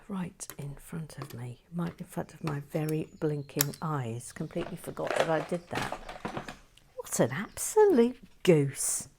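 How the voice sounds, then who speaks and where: A woman chatting casually while building and reading viewer comments, often slipping into soft whispers. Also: deep voice, big pitch swings, measured pace, gravelly, noisy background. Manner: chatty, self-mocking, drops into soft whispers. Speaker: Lego building vlogger.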